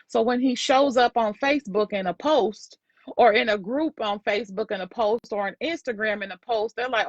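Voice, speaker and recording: A woman host with a fairly high voice, preaching her point with emphatic repetition. The sound is dull and lo-fi, yet close and dry with no room around it. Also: normal speed, no room sound. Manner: emphatic, preachy, repeats lines for effect. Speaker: host and sales coach. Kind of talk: motivational faith talk.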